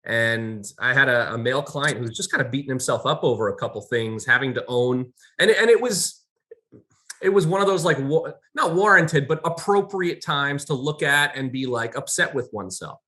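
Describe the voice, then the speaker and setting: Lively bright-voiced man telling stories. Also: medium pitch, moderate pace. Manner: animated, storytelling with acted quotes. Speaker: podcast co-host, counselor. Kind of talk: casual conversation.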